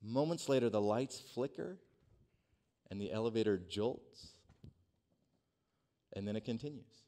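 A man preaching a sermon, telling a personal story in a dynamic way that swings from hushed to loud. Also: on the low side, animated, a little slow. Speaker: pastor. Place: church sanctuary.

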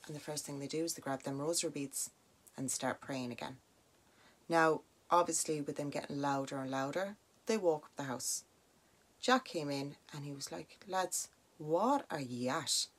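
A young Irish woman hosting a podcast, telling a story in a chatty, animated way full of "like" and "now" asides. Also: sits low, moderate pace. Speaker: podcast host. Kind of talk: casual spoken storytelling.

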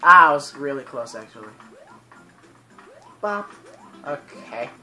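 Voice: medium pitch, expressive, slow pace, pushed and bright, faint music behind, rough recording. A teenager hosting a let's play, commentating while playing and breaking into frustrated, swearing rants. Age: teens. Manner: swearing, ranting frustrated outbursts. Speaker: gaming channel host.

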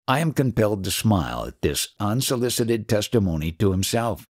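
A man narrating an audiobook in a measured, deliberate reading. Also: lowish voice, sing-song, darkish tone, husky, no room sound, studio quality.

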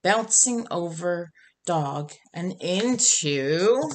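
A woman reading a children's picture book aloud in a gentle, expressive storytelling manner. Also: on the low side, drawn-out words, a little hiss or hum. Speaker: storybook reader.

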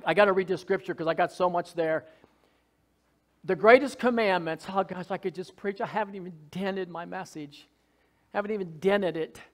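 A man preaching a sermon as pastor, fervent and folksy, swinging from soft asides to loud shouted lines with jokes along the way. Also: sits high. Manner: folksy, joking.

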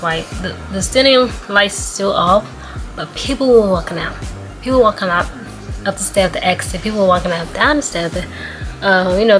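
A young woman, chatting excitedly to her viewers and telling a story in a casual vlog. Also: medium pitch. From Atlanta, USA. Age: 20s. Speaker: vlogger.

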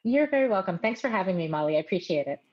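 A woman who runs a voice studio, speaking as a guest in a measured, articulate and friendly way. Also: medium pitch, lively intonation, muffled recording. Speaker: voice coach. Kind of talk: interview guest.

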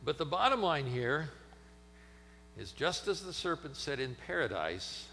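Pastor guy preaching, bright high voice that jumps all over, long church echo. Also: very animated, unhurried, vocal fry. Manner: dramatic, swings between loud emphasis and near-whispers. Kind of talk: sermon. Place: church sanctuary.

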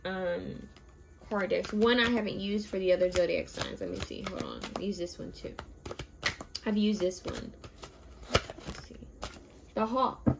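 A woman talks her viewers through a tarot card reading in an easy, chatty way. She gives spiritual advice earnestly, and her mid-range voice has a gravelly fry. A faint hiss sits under the recording. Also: medium pitch. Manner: chatty, addresses viewers as "you guys".

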